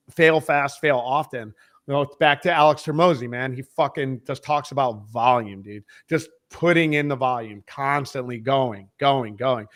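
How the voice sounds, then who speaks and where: A man's voice: on the high side, fairly bright tone. A man on a podcast as a guest, talking casually in a profane, emphatic, rambling way about selling. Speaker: podcast guest, head of sales.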